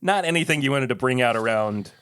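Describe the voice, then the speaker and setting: A man's voice: medium pitch, quick pace, clear, resonant tone, dry recording, studio quality. A man hosting a podcast, chatting casually and joking while tasting whiskey. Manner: relaxed, joking, laughs often. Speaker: podcast host.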